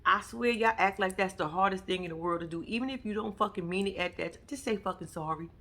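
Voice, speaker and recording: A woman's voice: mid-range voice, quick pace, fairly bright tone. A woman giving a casual commentary recap of a reality TV episode, blunt and profane, acting out the people she quotes.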